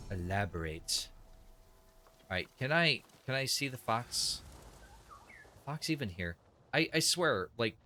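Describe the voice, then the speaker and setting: A man's voice: on the low side, pushed and bright, slight background noise. A young man casually commenting on his own gameplay as a streamer, thinking aloud and judging what he sees. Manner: chatty, opinionated, thinks aloud with restarts. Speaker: game streamer.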